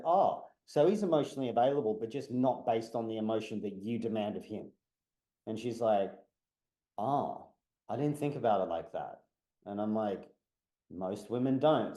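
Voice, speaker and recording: A man's voice: lowish voice, warm tone. A man, talking bluntly and heatedly as a podcast guest, swearing freely. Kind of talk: casual podcast chat. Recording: echoey room.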